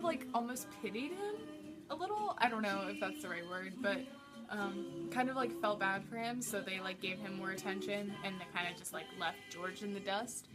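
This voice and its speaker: A teenage girl casually answering tag questions for her vlog, rambling and filling every gap with likes and ums. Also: fairly high pitch. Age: teens. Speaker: vlogger.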